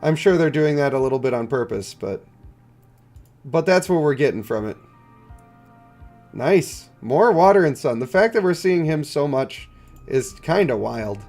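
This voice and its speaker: A stuffed-up man live-streaming a mobile game, chatting in a low-key way and answering his chat. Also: lively intonation, unhurried, pauses often, darkish tone, faint music behind. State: congested, stuffed up. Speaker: gaming streamer.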